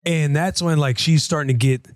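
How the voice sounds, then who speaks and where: A man's voice: a little high, moderate pace, no echo, clean studio sound. A man in his thirties hosting a podcast, telling a family story in a casual chat and acting out the quotes. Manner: animated storytelling with voiced quotes. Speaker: podcast host.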